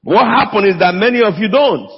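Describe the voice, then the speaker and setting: His voice sits high, husky with vocal fry, brisk and lively in intonation. The pastor's emphatic sermon calls out to the congregation and draws answers back, recorded with dull lo-fi sound in an echoey church hall.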